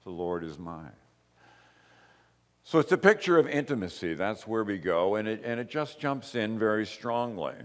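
A man preaching a sermon as pastor, slow and emphatic, with repeated short phrases. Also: lowish voice, animated, long reverb tail. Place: church.

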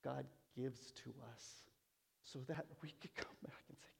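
A man preaching a sermon as pastor, speaking in a slow, prayerful way and building emphasis through repeated phrases. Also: medium pitch, fairly even intonation, vocal fry, a little mellow, breathy edge.

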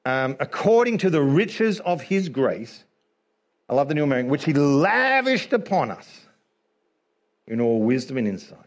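A man preaching a sermon with a slightly high voice that swings widely in pitch. He talks in an animated way and laughs often. He acts out small scenes for his listeners. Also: normal speed.

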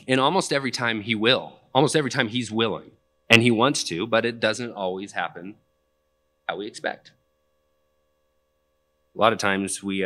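A man's voice: mid-range voice, bright, forceful tone. A young man preaching a sermon in a conversational, plainspoken way, with casual asides. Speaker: pastor.

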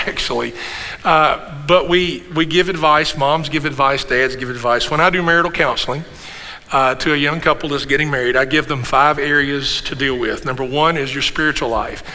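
A man's voice: on the high side, pushed and bright. A middle-aged man preaching a sermon in a church, conversational and jokey, often checking in with the congregation. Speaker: pastor. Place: church hall. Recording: long hall reverb, faint room noise.

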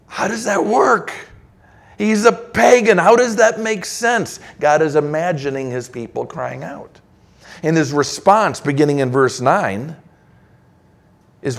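A man preaching a sermon, reading scripture aloud and acting out God's replies and the people's complaints. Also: mid-range voice. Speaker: pastor.

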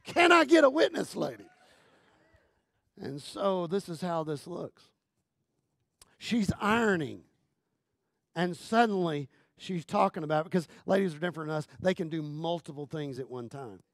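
A man preaching a sermon as guest pastor, talking in a humorous, conversational way with lots of repetition, going from loud emphatic lines down to near-quiet phrases. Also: on the high side, moderate pace, vocal fry, long pauses, dry recording, clean studio sound. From Texas.

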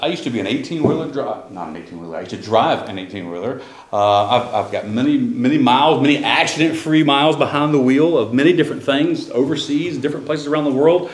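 In a church sanctuary, a middle-aged pastor with a medium-pitched voice preaches a sermon, his words echoing around the room. He tells a personal story loosely and conversationally, restarting sentences as he goes.

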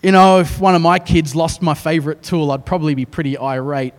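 An Australian-accented pastor preaches a sermon, telling the story animatedly with self-mocking, joking asides. His voice is fairly high and a little fast, and a long reverb tail trails each phrase.

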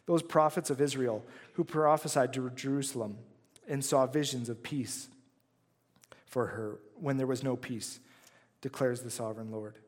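A man delivers a Sunday sermon in an earnest, conversational way, reading scripture and then talking it through with his congregation. His voice sits at an ordinary middle pitch. The sound carries the long reverb of a large sanctuary. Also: moderate pace. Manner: earnest, conversational preaching with frequent "right?" asides. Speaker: pastor.

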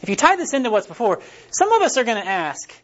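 Man, casual sermon, lively rambling delivery, dull lo-fi sound. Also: very high-pitched, fast talker. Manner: rambling, conversational, many fillers and restarts. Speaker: pastor. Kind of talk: casual sermon with personal stories. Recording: dull lo-fi recording.

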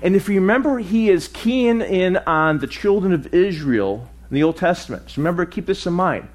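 A man preaching a sermon, with lively swings in pitch and loudness, dropping low and soft for emphasis. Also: moderate pace. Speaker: pastor.

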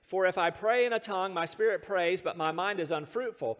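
High-voiced American pastor in a reverberant hall. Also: male voice, fairly quick. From United States. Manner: storytelling with self-deprecating humor and chuckles. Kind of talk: sermon.

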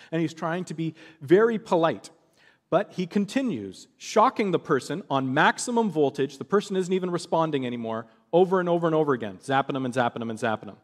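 A man's voice: fairly high pitch, lively intonation, fairly quick, long reverb tail. A man preaching a sermon, telling a story with animation and acting out the voices of the people in it.

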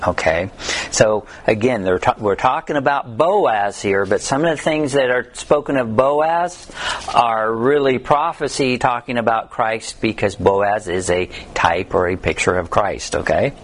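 A man's voice: lowish voice, a little slow, slight background noise. Man teaching a casual Bible study. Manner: conversational, tells humorous stories, reads scripture aloud.

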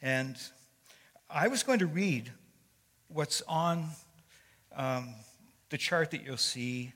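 An older man preaches in a conversational storytelling tone, with lots of small fillers and restarts. His voice is bright and forceful. It rings with the long echo of a large church hall. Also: fairly high pitch, takes it slowly. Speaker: guest speaker. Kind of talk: sermon. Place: church sanctuary.

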